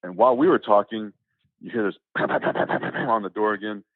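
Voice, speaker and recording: A man telling a personal story as an interview guest, animated and acting out the dialogue as he goes. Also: fairly low pitch, quick pace, dry recording. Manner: animated, acts out quoted dialogue, repeats words. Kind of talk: casual spoken storytelling. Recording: tinny, phone-like, dry.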